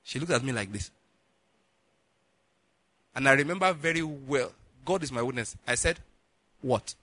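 In an echo-free recording, a Nigerian preacher recounts something that happened to him, voicing the conversations himself and laughing frequently. His voice is medium-pitched and his pace moderate, and he tells it all with lively energy.

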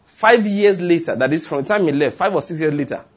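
Male pastor, middle-aged, husky tone, emphatic sermon delivery. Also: a little high, expressive, fairly quick. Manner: emphatic, repetitive preaching with acted quotes and chuckles.

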